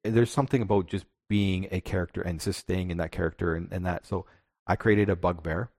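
A man's voice: low voice, steady tone, a little fast, a little mellow, dry recording, studio quality. A male podcast co-host chatting casually and reflectively about tabletop games, often restarting his sentences.

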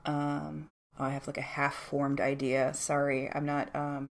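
Very low-pitched hesitant woman player. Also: monotone, measured pace, vocal fry. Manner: questioning, apologetic, hesitant. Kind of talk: tabletop game play.

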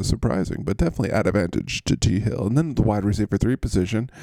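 A man's voice: lowish voice, vocal fry, warm tone, no room sound, clean studio sound. A man hosting a podcast in casual, rambling chat, full of jokes, puns and running bits. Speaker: podcast host.

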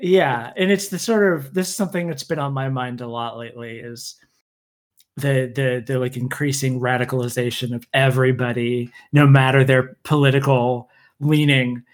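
Halting man in casual podcast chat. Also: mid-range voice, steady tone. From United States. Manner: hesitant, many fillers and restarts.

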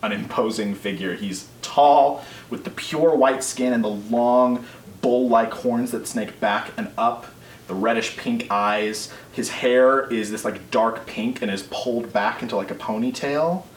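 A man's voice: mid-range voice, unhurried. A man narrating as game master in a casual, rambling way, full of fillers and restarts. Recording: roomy, distant mic with faint noise.

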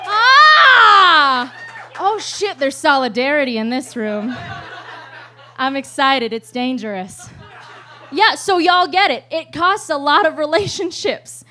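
A young woman with a high voice performs a live stand-up set. She is profane and animated, breaking into loud outbursts and often laughing in the middle of a line. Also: slow pace, a faint crowd. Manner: laughs often mid-sentence. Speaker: stand-up comedian. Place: live show stage.

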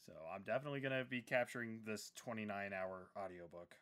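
A man's voice: lowish voice, quick pace, fairly bright tone. Chatty man hosting an interview. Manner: chatty, enthusiastic, hesitant fillers. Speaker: podcast host. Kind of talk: casual interview talk.

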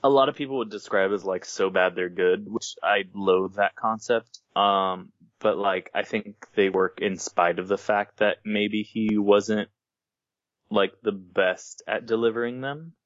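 A low-voiced man co-hosting a casual movie podcast, jokey and emphatic. The sound is dry and close, with a dull lo-fi quality. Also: unhurried, no room sound. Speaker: podcast co-host.

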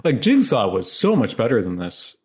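A man with a mid-pitched voice chats casually about films. He jokes in a dry, laid-back way and laughs often. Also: huge pitch swings, normal speed, breathy edge.

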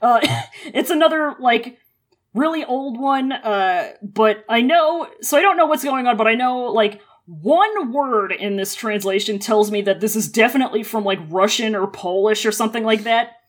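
A woman's voice: on the high side, moderate pace. A woman co-hosting a podcast, chatting casually with lots of fillers and laughter. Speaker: podcast co-host. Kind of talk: casual chat.

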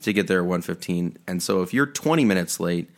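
A man's voice: deep voice, fairly quick. A young man chatting casually as a podcast co-host, telling jokey stories with quoted voices. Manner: joking, animated storytelling with quoted voices. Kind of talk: casual chat. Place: room at home.

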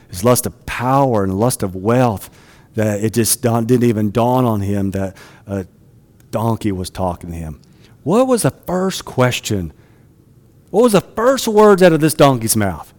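A man's voice: mid-range voice, darkish tone, long reverb tail. A man preaching a sermon in a conversational way, often asking his listeners rhetorical questions.

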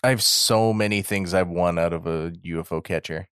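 A man co-hosting a podcast in casual chat, animated and swooping up into character voices as he recaps a show. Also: normal speed, smooth, no echo, clean studio sound. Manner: animated, swings his pitch up when mimicking characters. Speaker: podcast co-host. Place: Japan.

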